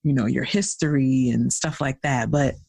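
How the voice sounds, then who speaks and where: A woman co-hosting a podcast, telling personal stories in an expressive, casual way. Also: a bass voice, moderate pace, creaky, slightly rough, no echo. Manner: expressive, dramatic storyteller. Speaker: podcast co-host. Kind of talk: casual chat.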